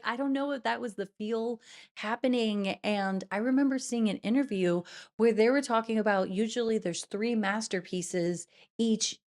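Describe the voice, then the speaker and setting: A woman's voice: medium pitch, darkish tone. A woman theater vlogger in casual commentary, chatty and apologetic, who calls her viewers darlings.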